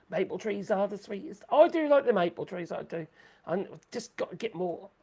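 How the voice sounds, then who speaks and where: A woman's voice: medium pitch, sing-song, normal speed, gravelly, darkish tone, breathy edge. A woman hosting a casual livestream, blunt and rambling, swearing freely. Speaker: livestream host.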